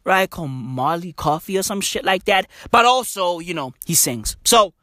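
A man doing a profane stand-up rant, exasperated and slangy, swinging between loud outbursts and weary mutters. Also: sits high, animated, moderate pace, dry recording, clean studio sound. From South Africa. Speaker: comedian.

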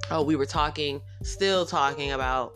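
A woman's voice: low voice, normal speed, faint music behind. A woman hosting her own podcast, telling a story in a casual, profane and sassy way, laughing often and acting out what people said. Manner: animated, laughing often, acting out quotes in other voices; profane, sassy, addresses listeners as y'all. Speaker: podcast host.

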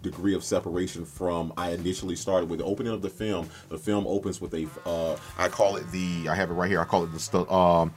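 Male podcast co-host, low voice, rambling, excitable, swears a lot, faint music underneath. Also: fast talker, few pauses. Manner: rambling, swearing, bursts into loud excited impressions. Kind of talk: excited film chat.

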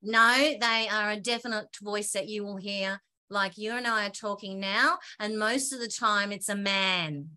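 A woman, a guest on an interview, telling her story in an animated, excitable way, often breaking off and restarting sentences. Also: medium pitch, unhurried, few pauses, smooth. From Australia.

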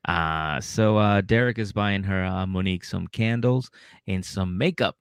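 A man with a low, gravelly voice recaps a reality show on a podcast, laughing often and acting out the cast in quick put-on voices. His sound is close and dry. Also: no room sound. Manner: animated, laughing, acts out the cast's lines in quick voices. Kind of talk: casual comedic chat.

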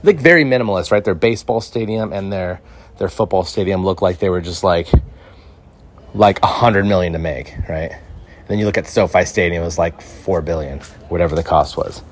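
A man's voice: low voice, fairly quick. A young man hosting a solo podcast from a backyard outdoors, talking into a phone in a rambling, laid-back way and filling his speech with "like" and "right?". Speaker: podcast host. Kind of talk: casual solo podcast chat.

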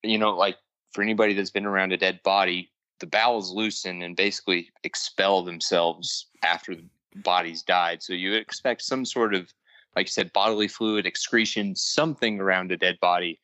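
A man on a podcast explains things plainly and matter-of-factly. His voice is very low but has a bright edge, and it sounds dry and close. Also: steady tone, moderate pace, dry recording. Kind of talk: casual podcast chat.

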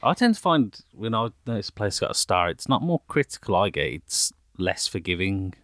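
A man's voice: lowish voice, sing-song, normal speed, fairly bright tone, dry recording. A man hosting a casual interview, asking questions and joking bluntly with the odd swear word.

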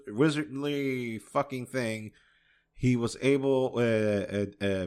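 This is a solo podcast where the host, a man from New York, rambles and swears his way through a show review, often laughing at his own remarks. He speaks at a medium pitch.

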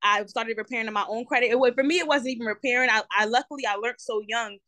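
A woman in her twenties with a New Jersey accent, a guest telling her story in a lively, slangy, talkative way with plenty of ums. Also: fairly high pitch, fast talker, no echo. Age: 20s. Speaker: guest entrepreneur. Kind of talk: casual interview.

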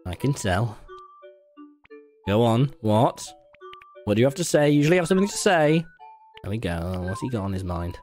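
A young Englishman streaming a game in loud, excitable casual chat, swearing freely. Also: normal speed, pauses often, soft background music. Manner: loud, excitable, swearing, jumping into squeaky baby talk.

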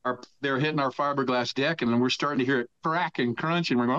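A man in his sixties, a podcast guest, telling a long story in a casual, animated way. He swears freely and shouts out the lines he quotes. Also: medium pitch, fast talker, few pauses, clear, resonant tone, muffled recording.

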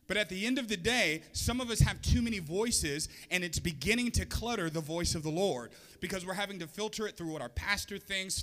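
A man's voice: sits high, a bit bright, in a large hall. A male pastor giving a sermon in a conversational preaching style, with joking asides to the congregation.

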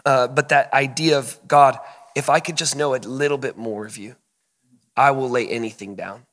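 A man talking earnestly and casually in a live-stream chat, laughing often, with quick asides. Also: mid-range voice, fairly even intonation, a bit bright, in a large hall. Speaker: guest, missions school leader. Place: indoor living room.

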